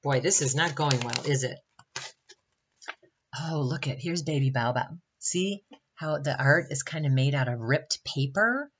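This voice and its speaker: A woman with a bass voice reads a picture book aloud to children at a Bible camp, often pausing for chatty asides that ask the listener questions. She reads a little slowly, and the lo-fi recording has slight background noise.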